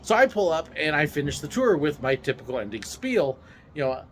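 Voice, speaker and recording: A man hosting a vlog, casually telling stories from his theme park job in a playful, animated way and acting out the voices. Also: on the high side, brisk, slight background noise. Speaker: vlog host, former theme park ride driver. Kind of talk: casual storytelling.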